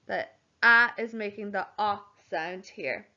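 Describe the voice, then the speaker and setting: Slow, careful woman teacher. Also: medium pitch, bright, forceful tone. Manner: slow, spells words out letter by letter. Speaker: primary school teacher. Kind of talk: home learning spelling lesson. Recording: dull lo-fi home recording.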